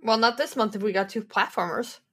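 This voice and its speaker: A woman's voice: mid-range voice, a little fast, a bit bright, husky. A woman co-hosting a casual podcast, dropping in short teasing questions and quips. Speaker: podcast co-host.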